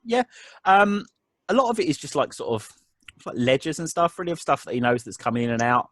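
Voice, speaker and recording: A man's voice: on the high side, lively intonation, brisk, fairly bright tone, no echo. A man narrating as game master of a tabletop game, in a rambling way full of ums and restarts.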